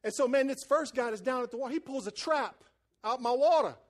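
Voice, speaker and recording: A man preaching a sermon as a folksy personal story, loud and emphatic. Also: very high voice, fairly quick. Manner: folksy storytelling, voices quoted people.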